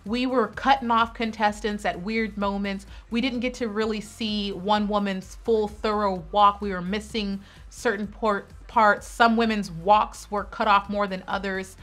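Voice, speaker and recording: A woman hosting her own reaction video, giving animated, sassy running commentary with bursts of excited exclamation. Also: medium pitch, a little slow, few pauses. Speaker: pageant reaction video host.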